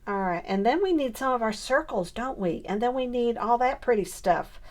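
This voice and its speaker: A fairly high-pitched, animated woman speaks at a normal pace while she scrapbooks on camera. Her vlog is casual crafting chat, mixed with muttering to herself as she works.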